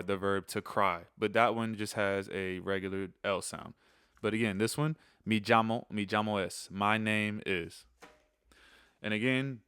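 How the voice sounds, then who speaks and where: A man hosting a casual spoken lesson, relaxed, repeating key phrases slowly between chatty asides. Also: on the low side, clear, resonant tone, dry recording, studio quality. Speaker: channel host teaching phrases.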